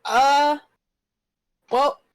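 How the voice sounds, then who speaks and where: A woman's voice: high voice, steady tone, extremely slow. A woman playing a tabletop game, easygoing as she describes what her character does. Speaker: player. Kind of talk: casual tabletop play.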